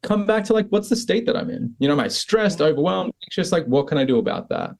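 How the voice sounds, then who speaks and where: A man's voice: fairly high pitch, fast talker, gravelly. An Australian man speaks as an easygoing podcast guest. His talk is loose and conversational, full of little fillers. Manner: relaxed, conversational, many "like" and "kind of". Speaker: podcast guest, breathwork coach. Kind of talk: casual interview talk.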